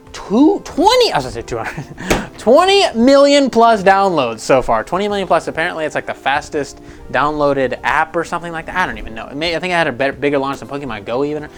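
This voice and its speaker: A man hosting a casual gaming news show, talking in a profane, animated, rambling way with frequent laughs. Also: mid-range voice.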